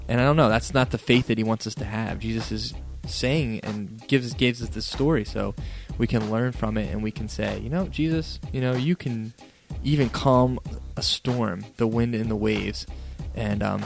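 A man's voice: lowish voice, moderate pace, gravelly, few pauses, faint music behind. A man co-hosting a Christian radio podcast, talking in a laid-back, rambling way and laughing often. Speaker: co-host. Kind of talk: casual podcast chat.

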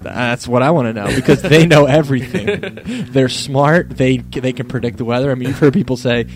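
A man's voice: medium pitch, brisk. A man co-hosts a casual faith talk, his voice in a middle register. He rambles easily and laughs often, with faint guitar music playing under him. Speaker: co-host. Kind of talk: casual podcast chat.

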